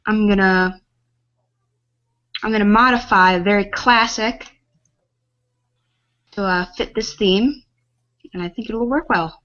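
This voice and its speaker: A woman's voice: medium pitch, measured pace, long pauses, a bit bright, dull audio. A woman co-hosting a comedy podcast who speaks in a dry, hesitant way. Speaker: podcast co-host. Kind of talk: casual comedic banter.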